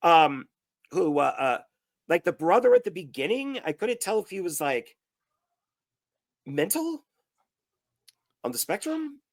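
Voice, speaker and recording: A man chimes in as a guest critic with wry, sarcastic remarks, often hesitating between words. His pitch moves around a lot in a middling range. The sound is close and dry. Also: very animated, a little slow, pauses often, no room sound. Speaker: guest reviewer. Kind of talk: casual movie review chat.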